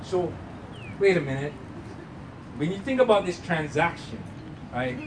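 A man's voice: fairly high pitch, lively intonation, a little slow, a little hiss or hum, low-quality recording. A man preaching as pastor at a church service, emphatic, drawing answers from the congregation. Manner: emphatic preaching with call-and-response. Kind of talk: sermon.

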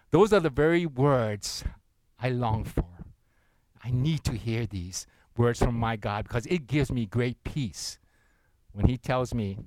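A man, a pastor preaching a sermon, earnest and gentle, with soft intimate passages and loud slow scripture readings. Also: mid-range voice, lively intonation, dry recording, low-quality recording.

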